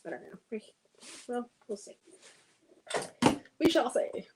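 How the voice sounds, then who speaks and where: A woman's voice: a little high, expressive, slow pace, very noisy. A woman hosting a casual sewing livestream, thinking aloud and chatting to her viewers as she works.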